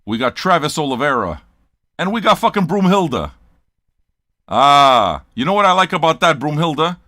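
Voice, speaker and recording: A man's voice: a little high, very animated, normal speed, sharp tone, no room sound, studio quality. An older man hosting a record-listening show, talking in a blunt, profane, rambling livestream rant.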